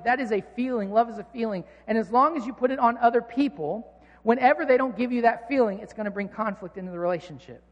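A man's voice: very high-pitched, dull audio. A man in his thirties preaching a sermon, telling a personal story with earnest, self-mocking humor. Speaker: pastor. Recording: long reverb of a large hall.

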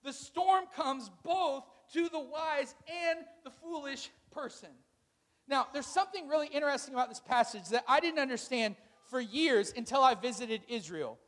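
A man's voice: very high-pitched, normal speed, a bit bright, big-room sound. A male pastor preaching a sermon in a casual, conversational way, drawing responses from the congregation in a church sanctuary.

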